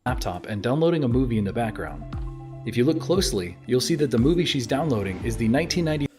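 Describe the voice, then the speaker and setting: A man's voice: mid-range voice, big pitch swings, fast, darkish tone, faint music behind. A man in his thirties giving earnest, scripted narration and asking the viewers questions directly. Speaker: video narrator.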